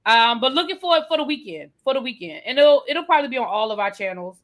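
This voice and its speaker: A woman's voice: on the high side, very animated, fast talker, fairly bright tone. A woman co-hosting a soap opera recap livestream, chatty and emphatic, often repeating herself for effect. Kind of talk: casual livestream chat.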